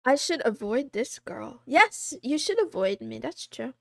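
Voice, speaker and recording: Woman livestreamer, high voice, swooping animated pitch, dry close sound, casual rambling chat, slightly hoarse. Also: unhurried, no echo. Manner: animated, rambling, laughs often. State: losing her voice. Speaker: VTuber streamer.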